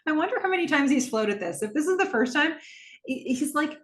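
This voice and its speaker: A woman hosting a podcast, casually recapping a TV episode and acting out the characters' lines with quick laughs. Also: high voice, animated. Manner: chatty, laughs often, jumps into character voices. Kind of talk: casual recap with acted-out quotes. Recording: echoey room.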